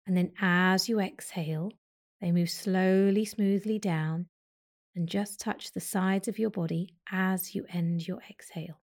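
Gentle woman guiding a breathing practice. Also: medium pitch, fairly even intonation. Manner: slow, gentle guiding instructions. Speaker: yoga teacher. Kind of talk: guided breathing meditation.

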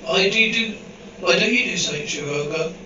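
Bright man reading a script, roomy and distant. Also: high-pitched, brisk, dull audio, a little hiss or hum. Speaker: script reader. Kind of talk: reading an episode script aloud, cues included.

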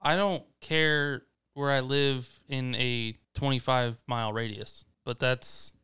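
A man's voice: medium pitch, fairly even intonation, takes it slowly, sharp tone, clean tone. A man co-hosting a podcast, laid-back and reasoning things through, a bit defensive. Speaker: podcast co-host. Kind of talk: casual chat.

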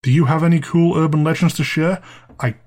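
A man's voice: fairly high pitch, fairly even intonation, fairly quick, darkish tone. A man hosting a podcast, narrating a spooky childhood tale with a chatty, dryly amused manner. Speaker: podcast host and storyteller.

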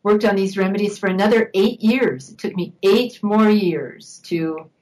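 A woman's voice: mid-range voice, moderate pace, rough recording. Older woman telling a personal story. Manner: warm reminiscing with laughs. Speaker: guest. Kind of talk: interview storytelling.

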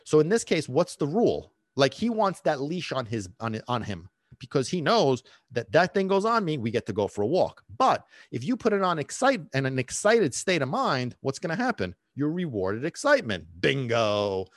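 On a dog-training podcast, a male host with a fairly high voice speaks at a moderate pace, cursing bluntly and teasing listeners with quiz questions. His delivery is lively, swinging between loud and hushed, in solo podcast talk. The recording is studio quality with no room sound.

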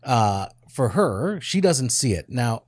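A man's voice: medium pitch, big pitch swings, slow pace, a little mellow, husky, dry recording, studio quality. A man co-hosting a church talk show in a casual discussion, earnest and asking probing questions.

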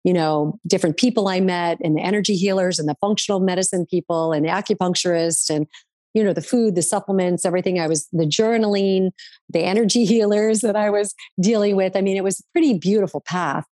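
Middle-aged woman guest, lower voice, earnest and rambling, dry close mic. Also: quick pace, dark tone, no echo. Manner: rambling, lots of fillers and restarts, earnest. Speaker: guest, author. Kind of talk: casual interview chat.

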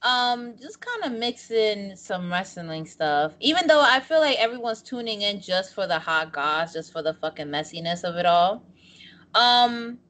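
A woman's voice: medium pitch, sing-song, measured pace, fairly bright tone. A woman hosting a podcast interview, playful and teasing, laughing easily. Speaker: podcast host.

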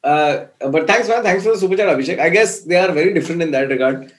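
A man's voice: on the high side, quick pace, slight background noise. A man hosting a casual cricket chat, joking and reading out viewer messages. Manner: jokey, mixes Hindi into English, reads viewer messages. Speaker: podcast host.

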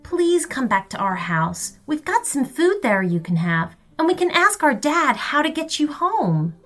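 A woman's voice: sits high, very animated, measured pace, a bit bright, soft background music, pitched above the performer's own voice, full character voice. A woman voicing Atticus, a polite and brave young boy. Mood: eager. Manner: eager and polite.

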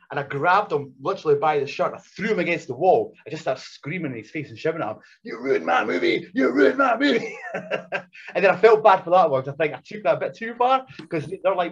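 Animated, husky man telling stories. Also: fairly high pitch. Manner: loud, excitable, swears, acts out quotes. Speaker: podcast guest. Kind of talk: animated storytelling. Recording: dull lo-fi podcast audio.

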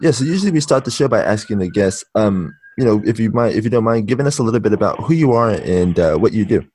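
Low-voiced man hosting a podcast. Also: fast talker, slightly rough. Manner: relaxed, laughs easily, many ums. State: shaking off morning voice. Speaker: podcast host. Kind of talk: casual interview chat.

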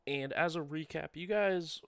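Dry smooth-voiced guy running the game, jokey and chatty, lots of uhs. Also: a little high, measured pace, fairly bright tone, dry recording. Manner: wry, chatty, many ums and uhs. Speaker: game master. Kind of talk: casual tabletop game hosting.

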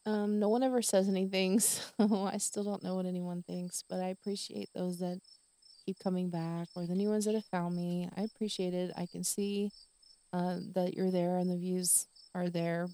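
Mellow low-voiced woman chatting casually. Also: steady tone, moderate pace. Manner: rambling and chatty, with fillers and soft laughs. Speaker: podcast host. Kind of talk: casual solo podcast chat.

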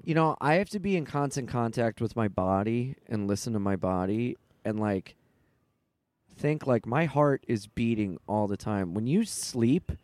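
A man's voice: medium pitch, expressive, normal speed, darkish tone, no room sound. A man, a podcast guest, talking in a laid-back casual way and swearing casually. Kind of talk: casual chat.

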